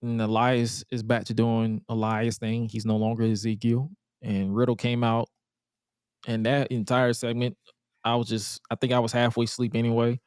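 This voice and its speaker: A man's voice: mid-range voice, darkish tone, clear, resonant tone, no room sound, studio quality. A man hosting a casual wrestling podcast, talking bluntly and jokingly with plenty of swearing. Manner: blunt, profane, jokey. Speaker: podcast host.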